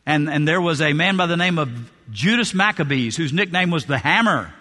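Pastor preaching in a big reverby church, high bright voice, keeps repeating lines for punch. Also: male voice, animated, brisk. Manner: preaching with emphatic repetition. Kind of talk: sermon. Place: church sanctuary.

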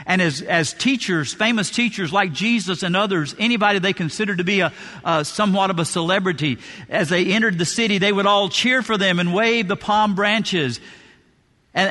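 A pastor preaching a sermon, driving points home with emphatic repetition. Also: male voice, high-pitched, a little fast, bright, forceful tone, in a large hall. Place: church sanctuary.

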